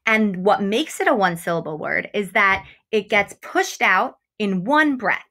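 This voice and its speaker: A woman teaching a remote phonics lesson to young children. She is encouraging, speaks straight to her students and stretches out example words slowly. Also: medium pitch, animated, pushed and bright. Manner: slow, exaggerated enunciation of example words. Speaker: first grade teacher.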